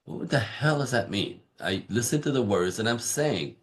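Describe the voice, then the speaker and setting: A man's voice: medium pitch, normal speed. A man on a podcast as a relationship coach, talking emphatically and often checking in with "right?". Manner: emphatic, animated, keeps saying "right?"; acts out quoted voices of clients. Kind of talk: podcast interview.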